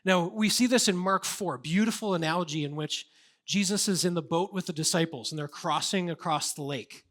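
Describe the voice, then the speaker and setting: A man's voice: high-pitched, brisk, fairly bright tone. A man preaching a sermon as a pastor, earnest and conversational, with casual fillers.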